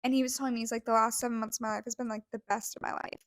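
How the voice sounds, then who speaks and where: A young woman co-hosting a podcast races through a story in a fairly high, level voice, gushing casually with lots of fillers. She's close to tears, and there's no room sound.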